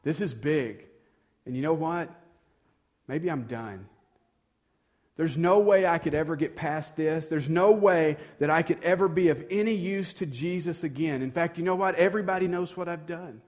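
A man's voice: on the high side, normal speed, darkish tone, natural voice. A preacher voicing a despairing fisherman disciple. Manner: pleading, self-pitying inner monologue. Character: despairing grown male fisherman disciple, self-condemning.

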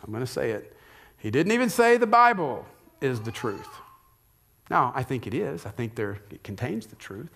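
A middle-aged male pastor preaching a sermon in a conversational way, often asking rhetorical questions. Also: a little high.

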